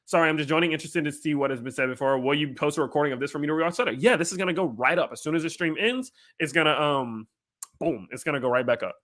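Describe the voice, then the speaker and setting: A man's voice: a little high, rapid-fire, fairly bright tone. A man with a light Louisiana accent hosting a casual crypto livestream, reading chat questions aloud and answering in a loose, filler-heavy way. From Louisiana, USA. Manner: loose and filler-heavy, with frequent "um" and "you know", speaking directly to viewers.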